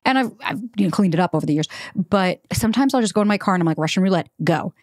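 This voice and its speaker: Fast-talking chatty woman podcast host. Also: medium pitch, expressive, darkish tone, no echo, studio quality. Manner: chatty, rapid-fire, peppered with "like" and "right?". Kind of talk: casual conversation.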